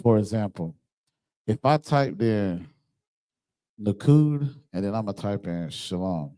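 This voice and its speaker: A man's voice: lowish voice, expressive, slow, warm tone. Emphatic man teaching. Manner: emphatic, keeps checking in with listeners. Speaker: class teacher. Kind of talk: online scripture class with screen sharing.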